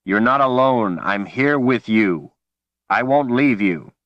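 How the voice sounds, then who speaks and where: An earnest young man pleads with a friend in urgent, steady words, as a man reading an audiobook voices him. The voice stays low and full, with a close, dry sound. He leans into each line. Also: slow pace, no echo, muffled recording.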